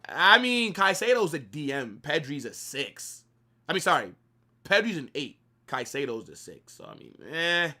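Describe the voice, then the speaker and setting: Bright-voiced young man ranting football. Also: on the high side, normal speed. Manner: animated, opinionated, swears casually, slangy. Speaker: watch-along co-host. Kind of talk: live football watch-along chat.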